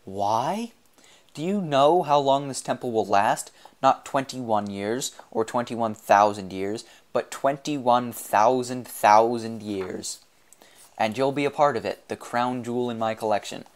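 A man's voice: medium pitch, lightly acted. A man doing a grandiose mad cyborg artist. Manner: grandiose, theatrical, slow and drawn out. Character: insane half-man half-machine male sculptor.

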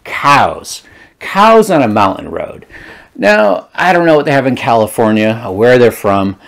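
Animated man telling a trail story. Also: medium pitch, unhurried, gravelly. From Rhode Island. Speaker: vlogger. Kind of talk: storytelling vlog.

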